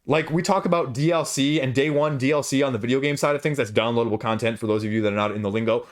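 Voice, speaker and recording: A man's voice: medium pitch, quick pace. A man hosting a board game channel, ranting casually to camera in a passionate, emphatic way, his voice jumping when he gets worked up. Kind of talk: casual opinion rant to camera.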